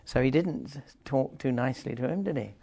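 An older man teaching a Bible passage informally, rambling with wry asides and reading the scripture aloud forcefully. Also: medium pitch, moderate pace, gravelly, breathy edge, no room sound.

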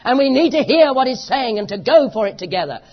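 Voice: mid-range voice, lively intonation, fast, breathy edge. A preacher with a British accent delivering an impassioned, emphatic sermon full of repeated phrases. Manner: impassioned, emphatic, repetitive rhetoric. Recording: dull lo-fi recording.

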